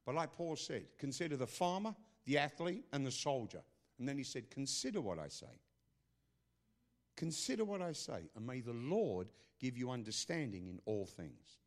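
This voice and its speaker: An older man preaching a sermon in a forceful way, swinging between loud bursts and low asides. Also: big pitch swings, normal speed.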